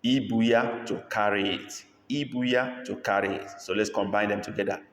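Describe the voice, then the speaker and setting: A man teaching a language lesson, repeating each phrase slowly and breaking it down word by word. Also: on the low side, steady tone. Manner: slow drilled repetition of phrases. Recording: echoey room with long reverb.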